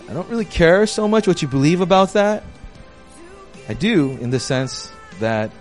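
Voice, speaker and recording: A young man giving a casual, conversational sermon as a youth pastor, animated and full of slang. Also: mid-range voice.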